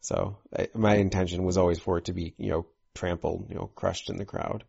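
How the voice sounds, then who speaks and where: A man talks through his tabletop game character, filling his explanations with "you know" and "uh". His voice is very deep and gravelly. The recording sounds dull and lo-fi. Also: level tone, brisk, darkish tone. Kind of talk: casual chat.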